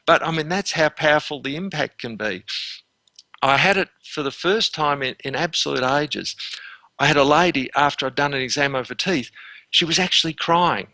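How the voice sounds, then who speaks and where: Aussie guy in his 60s telling dental stories, bright punchy voice, dry sound, keeps repeating words as he goes. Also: on the high side, normal speed, no echo, low-quality recording. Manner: animated storyteller, acts out scenes, repeats words when restarting. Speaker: dental consultant and lecturer. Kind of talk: interview guest storytelling.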